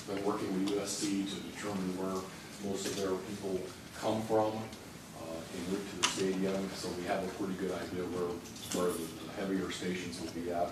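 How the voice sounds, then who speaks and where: A congested man giving an informal briefing at a public meeting, talking conversationally with many uh's and restarts. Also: low voice. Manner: conversational, frequent uh and um, restarts itself. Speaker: rail operations executive giving a briefing. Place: large meeting room. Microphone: distant room mic. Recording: echoey meeting room from far off with noise.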